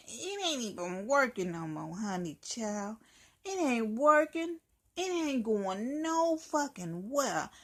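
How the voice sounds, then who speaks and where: A woman hosting her own show, giving blunt, profane life advice in a sassy monologue and calling the listener honey child. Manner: swings into high whiny mock voices. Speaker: host.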